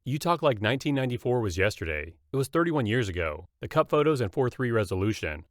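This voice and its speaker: A man narrating a scripted comedy roast in a mocking, punchy deadpan. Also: medium pitch, quick pace, no echo, studio quality.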